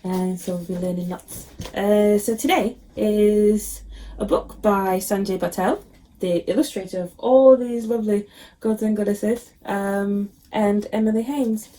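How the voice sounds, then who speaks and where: A woman teacher reading a picture book aloud to children, expressive and with frequent ums. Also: mid-range voice, unhurried.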